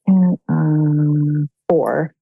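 A woman's voice: sits low, little pitch movement, extremely slow, gravelly, husky, no room sound, narrow, tinny audio, faint music behind. A woman hosting a podcast, chatting candidly in a casual conversation with many fillers. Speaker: podcast host.

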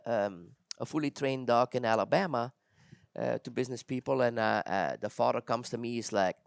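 A man's voice: medium pitch, fairly quick, creaky, smooth, dry recording, clean studio sound. A man who trains dogs, telling a story in casual chat, acting out the people in it and laughing often. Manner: animated storyteller, acts out quotes, laughs often. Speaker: dog trainer and podcast host.

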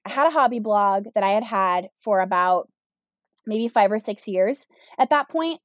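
Speaking at a moderate pace in an expressive mid-range voice, this woman in her thirties, a business owner guesting on a podcast, tells her own story frankly with frequent "like" and "um." There's no room sound, though the audio is dull and a bit lo-fi.

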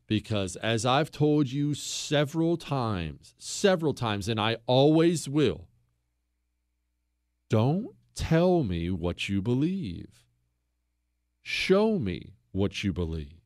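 Fiery talk host, lively pitch swings. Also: male voice, takes it slowly, no room sound, clean studio sound. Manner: fiery, emphatic, repeats phrases for punch. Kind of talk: opinionated monologue.

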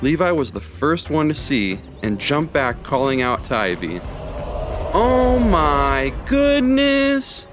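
A man co-narrating a children's story with an expressive, animated delivery. He trades light teasing banter between passages. Soft music plays faintly underneath. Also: mid-range voice, moderate pace, hardly any pauses.

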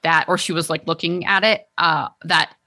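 A woman co-hosts a podcast in loose, chatty talk that trails off and restarts. Her voice is bright and forceful, with a slightly low pitch. The sound is dry and close. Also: fairly even intonation, moderate pace, gravelly, dry recording. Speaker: podcast co-host. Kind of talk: casual chat.

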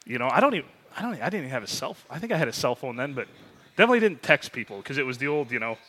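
A man's voice: medium pitch, sing-song, very fast, pushed and bright. A man in his forties, a podcast co-host, telling rambling, joking stories and swearing casually. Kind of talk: casual chat.

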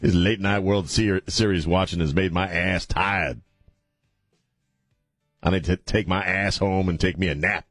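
Tired, deep-voiced talk radio host. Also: male voice, fairly even intonation, unhurried, pauses often, fairly bright tone, no echo, faint music behind. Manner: rambling, blunt, joking, with frequent fillers and restarts. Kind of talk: casual talk radio monologue. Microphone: studio broadcast microphone.

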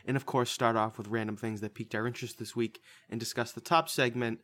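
Guy hosting a movie podcast, joking around and swearing, mid-pitched, casual banter. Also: fairly even intonation, fast talker, a bit bright. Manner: crude, joking, offhand. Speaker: podcast host.

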